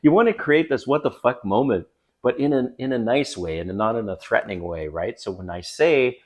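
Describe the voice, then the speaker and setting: A man's voice: medium pitch, lively intonation, normal speed. A man giving blunt, emphatic dating advice straight to camera, swearing casually as he coaches. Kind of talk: direct-to-camera coaching talk. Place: home by a busy street.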